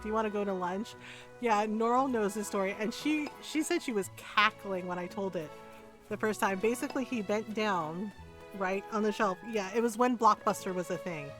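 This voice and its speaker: A middle-aged woman streaming a game, chatting casually and telling a story in an animated way, acting out the people she quotes. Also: medium pitch, normal speed, over music.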